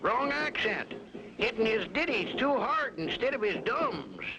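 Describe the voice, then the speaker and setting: An actor playing a folksy old male swamp hermit with a creaky, twangy drawl, in a 1950s cartoon. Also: high voice, sing-song, unhurried, heavy background noise, full character voice. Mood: serious.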